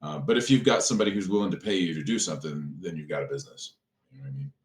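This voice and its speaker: A man with a very low voice tells business stories in a relaxed podcast chat. He is animated and acts out the people he quotes. The room around him is echoey. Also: very fast. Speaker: restaurant owner, podcast guest. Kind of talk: casual storytelling conversation.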